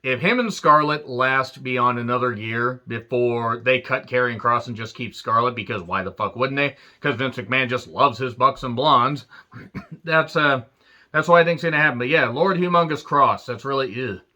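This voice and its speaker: A man's voice: medium pitch, normal speed, pushed and bright. A man ranting through a wrestling show recap with sarcastic crude jokes and frequent swearing.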